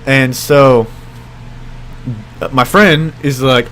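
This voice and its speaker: A man's voice: slow pace, fairly bright tone, slight background noise. Rambling young man telling a story. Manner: rambling, many fillers like "like" and "I mean"; acts out quoted voices with jumps in pitch. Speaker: vlogger. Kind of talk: casual storytelling.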